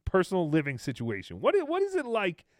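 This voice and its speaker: A man's voice: sits high, wildly swooping pitch, fast, no room sound. A man hosting a podcast, commenting on stream clips with sarcasm and frequent laughter. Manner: amused, sarcastic, laughing often. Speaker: podcast host reacting to clips. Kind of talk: casual commentary.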